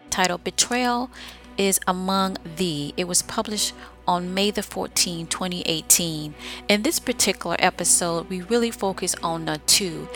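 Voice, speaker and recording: A woman hosting a podcast, recapping her own short stories in a chatty, enthusiastic way with frequent asides to the listener. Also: fairly low pitch. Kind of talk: casual recap.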